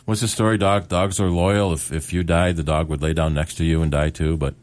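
A man co-hosting a casual chat, retelling a story in an animated, jokey way. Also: low voice, fairly quick.

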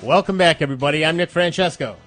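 Stuffy-nosed radio tech host. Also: male voice, fairly high pitch, fast talker, over music. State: stuffed up nose. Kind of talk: radio tech talk and news reading.

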